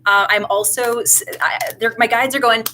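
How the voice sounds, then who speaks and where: A woman's voice: a little high, fairly even intonation, normal speed, background noise. A woman giving a casual live tarot reading, chatty and effusive with many asides. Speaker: tarot reader.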